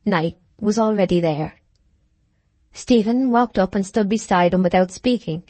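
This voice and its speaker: A woman reads a classic novel aloud at a measured, even storytelling pace. Her voice sits mid-range for a woman. The recording is dry and close, with no room sound. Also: mid-range voice, no echo. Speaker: narrator. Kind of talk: audiobook reading of a classic novel.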